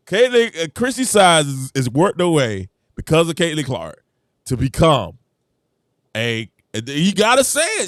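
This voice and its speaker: A man giving casual sports commentary with a high, lively voice that jumps all over. He laughs often and repeats his points. The sound is close and dry. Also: normal speed, dry recording. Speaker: show host.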